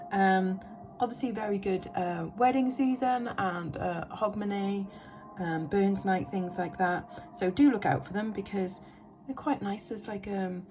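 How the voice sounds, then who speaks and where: A woman's voice: mid-range voice, background noise. A woman, chatting enthusiastically as she shows vintage jewellery in a casual vlog, thinking aloud with lots of ums. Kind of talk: casual show-and-tell vlog.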